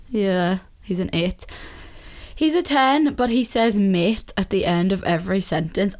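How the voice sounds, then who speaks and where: A young Northern Irish vlogger with a fairly low-pitched voice chats casually in her Northern Irish accent. She has strong opinions, laughs often, and sometimes drops into a whisper.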